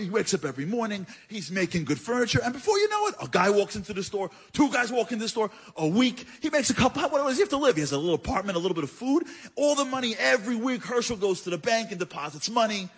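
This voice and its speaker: Man, fairly high husky voice, chatty storyteller who keeps turning to the listeners. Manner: chatty, addresses listeners directly; animated, with quick asides and repeated phrases. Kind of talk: conversational religious storytelling.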